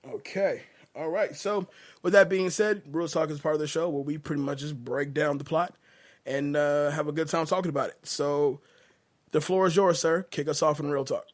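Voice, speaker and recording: A man hosting a casual movie review chat, laid-back and quick to chuckle. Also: fairly high pitch, steady tone. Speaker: host.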